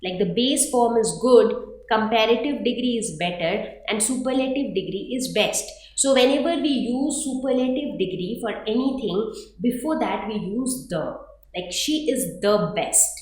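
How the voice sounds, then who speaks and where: A woman's voice: a little high, moderate pace, a little mellow. A woman explaining a grammar lesson patiently, repeating points and checking in with rhetorical questions. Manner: patient, repetitive, asks rhetorical "right?". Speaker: English teacher. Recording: very echoey room, mic far off.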